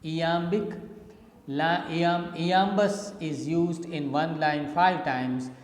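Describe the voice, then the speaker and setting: A man gives a literature lesson at a slow, deliberate pace, repeating key points and pausing to check in with "okay". His voice sits a little high, and the room adds a long, echoing tail around every phrase. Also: fairly even intonation. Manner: patient, repetitive explaining with frequent "okay". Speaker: literature teacher. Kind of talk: slide lecture.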